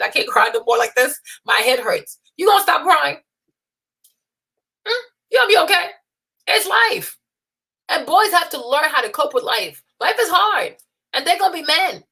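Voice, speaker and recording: A young adult woman hosting a talk stream, blunt and scolding, with animated rants and mocking voices when she quotes people. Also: high-pitched. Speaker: host. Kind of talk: unscripted opinion livestream.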